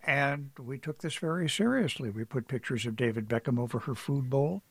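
A man's voice: mid-range voice, lively intonation, moderate pace, gravelly, breathy edge, dry recording. A man being interviewed on the radio as an author, telling stories in a reflective, anecdotal way. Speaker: author guest.

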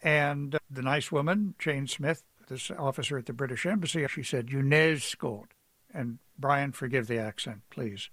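A man's voice: mid-range voice, moderate pace, few pauses, fairly bright tone, dry recording. A man being interviewed on the radio as an author, telling stories in a reflective, anecdotal way. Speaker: author guest.

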